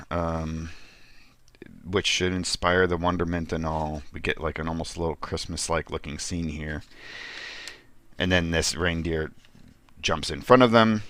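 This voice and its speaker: A man's voice: deep voice, bright, forceful tone, no echo. A man hosting a casual comic book review, talking in a rambling, hesitant way with many ums and restarts.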